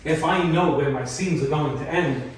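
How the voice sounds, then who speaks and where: A man with a somewhat high voice, speaking at a normal pace, teaches beginners to hang wallpaper, patiently walking through every step and repeating the key points while he demonstrates on a wall. It's a hands-on lesson inside a room being wallpapered. The recording is very echoey, with his voice coming from far off over faint ambience.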